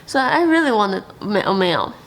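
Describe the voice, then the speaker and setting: Woman vlogger, casual animated storyteller, mid-range voice, chatty to camera. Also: medium pitch, normal speed. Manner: chatty, animated, many fillers and quoted asides.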